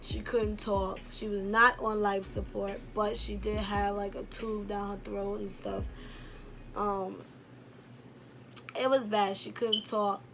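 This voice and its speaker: A woman's voice: medium pitch, level tone, slow, a bit bright, faint music behind. A young woman from Brooklyn tells a personal story in a casual, rambling way, full of "like" and "um". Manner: candid and rambling, heavy on "like" and "um". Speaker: YouTuber telling a personal story.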